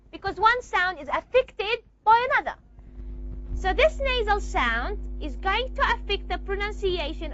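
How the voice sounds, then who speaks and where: A woman teaching a phonetics lesson in class, asking questions and answering them herself, and stretching key words slowly. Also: very high-pitched, pushed and bright. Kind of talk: classroom lecture. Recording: dull lo-fi recording.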